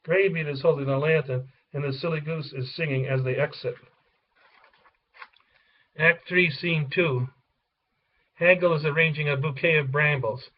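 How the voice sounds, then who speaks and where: A man's voice: on the high side, fairly even intonation, moderate pace, pauses often. A man reading the stage directions of a children's play aloud in a plain way. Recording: distant, dull lo-fi recording.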